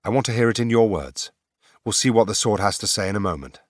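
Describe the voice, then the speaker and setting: A man voicing a stern, weary warrior empress in an audiobook, low and curt. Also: expressive, fast, no room sound, clean studio sound, natural voice. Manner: curt, commanding.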